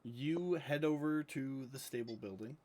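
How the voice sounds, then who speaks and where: Slow, laid-back game master. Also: male voice, mid-range voice, darkish tone. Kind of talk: narrating a tabletop game.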